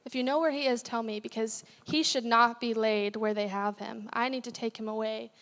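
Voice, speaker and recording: A woman's voice: a little high, fairly even intonation, moderate pace, a bit bright. A young adult woman, a guest speaker, preaching a sermon in a conversational, candid way with frequent asides and self-corrections. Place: church sanctuary. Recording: long hall reverb.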